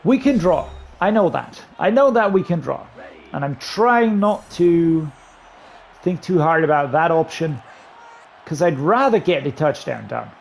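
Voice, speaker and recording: A man giving running commentary while playing a football video game, excitedly talking through his play calls to himself. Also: a little high, measured pace, creaky, a little hiss or hum. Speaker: gaming YouTuber. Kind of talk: live gameplay commentary.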